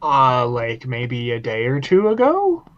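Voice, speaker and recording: A man co-hosting a casual podcast chat, retelling scenes with laughs and lively energy. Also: mid-range voice, slow, dull audio. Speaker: podcast co-host.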